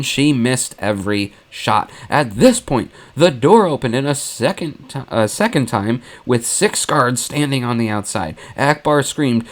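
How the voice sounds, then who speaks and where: Man, storyteller, deadpan, matter-of-fact, middle pitch, fan what-if narration.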